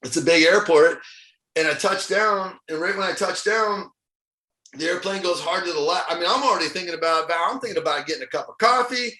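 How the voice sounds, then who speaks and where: High, bright-voiced man from Ohio. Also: fairly quick. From Ohio, USA. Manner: animated, chuckles often while telling stories. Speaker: motivational speaker, podcast guest. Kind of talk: casual storytelling interview. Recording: echoey room.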